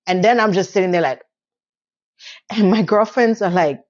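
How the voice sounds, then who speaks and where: A woman giving a casual, animated recap of a TV episode, telling the story with voiced quotes. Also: mid-range voice, normal speed, highs cut off. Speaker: TV recap vlogger.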